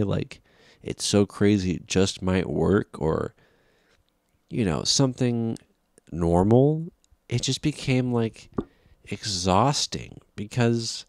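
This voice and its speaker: Slow, gravelly man rambling about a film. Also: lowish voice, no echo, clean studio sound. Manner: exasperated, profane, many restarts. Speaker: film reviewer. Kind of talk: casual rambling film review.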